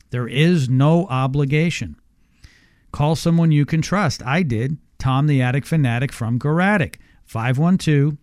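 A man hosting a radio show, pitching a free service with an upbeat sales manner and slowly repeating a phone number. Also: a little mellow, smooth, dry recording, studio quality. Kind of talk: radio show sponsor promotion.

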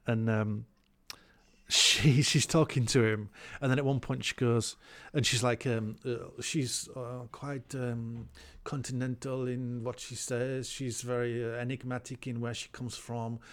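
A man's voice: mid-range voice, little pitch movement, measured pace, a bit bright. A man recapping a film in a rambling, hesitant way, full of ums and crude jokes. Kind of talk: casual film chat.

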